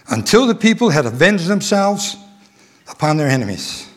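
A middle-aged man preaching a sermon, halting with restarts and fillers, then swelling with fervent emphasis. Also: fairly high pitch, big pitch swings.

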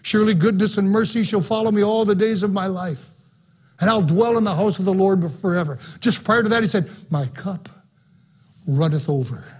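Husky high-voiced male preacher. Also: fairly quick. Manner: fervent and emphatic, with swings between soft and loud. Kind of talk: sermon. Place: auditorium, live-streamed.

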